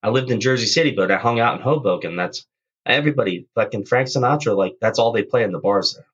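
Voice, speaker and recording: A man bantering in profane improv comedy, loud and animated, with squeaky outbursts. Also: fast talker, husky, highs cut off. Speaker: co-host.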